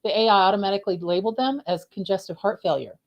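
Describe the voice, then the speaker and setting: A middle-aged woman on a coding and compliance panel, telling stories in an animated way and laughing often. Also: mid-range voice, rapid-fire, muffled recording. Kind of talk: casual panel discussion.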